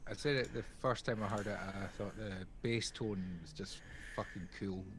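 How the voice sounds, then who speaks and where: A man's voice: on the low side, steady tone, normal speed, a crowd in the background. Rambling, jokey male podcast co-host. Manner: rambling, jokey, many fillers. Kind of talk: casual livestream chat.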